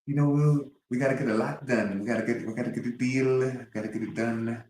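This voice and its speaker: A man doing an impression of a blustering older male politician, with repetitive, drawn-out phrasing. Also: medium pitch, steady tone, darkish tone, roomy sound, slight background noise, natural voice. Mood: mocking.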